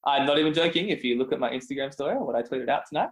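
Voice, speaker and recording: A man's voice: mid-range voice, lively intonation, very fast, poor audio. A man, a guest on a chat show, talking in a laid-back, joking way with plenty of fillers. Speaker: podcast guest, cooking contestant. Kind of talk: casual chat.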